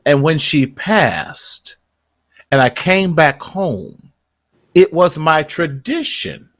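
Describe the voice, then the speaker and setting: A man's voice: on the high side, very animated, slow, a bit bright. A man hosting a talk show, telling family stories with heartfelt, church-flavored phrasing and often repeating words as he talks. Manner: heartfelt storytelling, repeats words when moved; church-style phrasing, leads prayers. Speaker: host. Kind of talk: casual chat.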